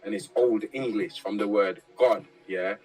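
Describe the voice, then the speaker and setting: A man's voice: fairly low pitch, unhurried, darkish tone, faint music behind, low-quality recording. A man giving a casual, profane monologue full of street slang, tagging his points with "yeah?". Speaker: commentator.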